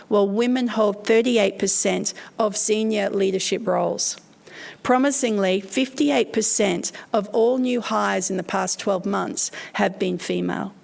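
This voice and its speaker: Woman exec, gravelly croaky voice, formal speech, mid-range. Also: medium pitch. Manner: measured, formal delivery. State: croaky from a cold. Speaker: keynote speaker, investment firm executive. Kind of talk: prepared speech.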